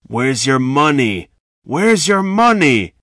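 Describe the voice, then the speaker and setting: A man's voice: mid-range voice, very animated, extremely slow, bright, forceful tone, no room sound, clean studio sound, voice pushed up, exaggerated voice. A man voicing a portly young male armed robber who barks short demands and repeats them, in a spoken story. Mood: barking threats.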